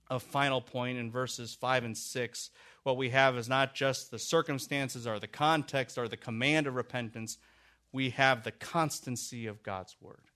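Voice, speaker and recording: A man preaching a sermon, rising to loud, urgent emphasis and dropping to hushed, low warnings, repeating phrases for weight. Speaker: pastor.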